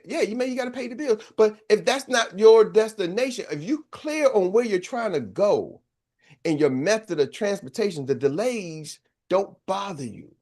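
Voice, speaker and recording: High-voiced man preaching motivation. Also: lively intonation, moderate pace, darkish tone. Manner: preachy, storytelling, calls out to the audience. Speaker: sales coach. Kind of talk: motivational speech.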